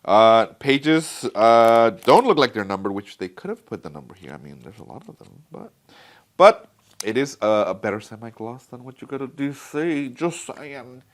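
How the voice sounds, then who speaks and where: A man's voice: medium pitch, sing-song, normal speed. A man casually reviewing a comic book collection, chatty and enthusiastic, talking straight to his viewers. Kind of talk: casual product review vlog.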